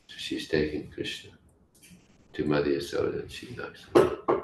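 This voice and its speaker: A man teaching a scripture class, telling stories in a halting way with restarts. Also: extremely low pitch, completely flat delivery. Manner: halting, with restarts and story voices. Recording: echoey room, faint hiss.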